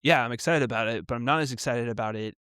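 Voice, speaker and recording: A man co-hosting a podcast in casual chat, giving measured, articulate opinions. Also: medium pitch, a bit bright, clear, resonant tone, no room sound, clean studio sound. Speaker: podcast co-host.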